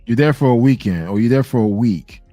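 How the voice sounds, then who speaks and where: A man hosting a podcast discussion, laying out his view in a measured way, point by point. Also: mid-range voice, expressive, dark tone, no echo, faint music behind. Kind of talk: casual discussion.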